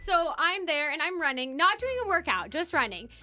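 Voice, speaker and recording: Give me a giggly woman in her twenties chatting on the radio, with a lively, swooping voice. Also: high-pitched, moderate pace, a loud crowd. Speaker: radio show social media coordinator. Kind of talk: casual radio banter, telling a story. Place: radio studio.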